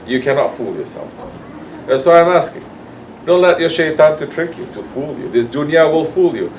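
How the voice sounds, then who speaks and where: A man's voice: on the high side, animated, moderate pace. Guy preaching, scolding tone, far off mic, little ac hum. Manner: admonishing, acts out quoted excuses. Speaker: sufi sheikh. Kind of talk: sermon.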